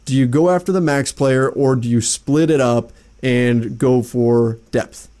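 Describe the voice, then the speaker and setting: A man's voice: medium pitch, unhurried, mellow. A man hosting a sports podcast, talking casually and often restarting his sentences. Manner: conversational, repeats words when starting. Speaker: podcast host.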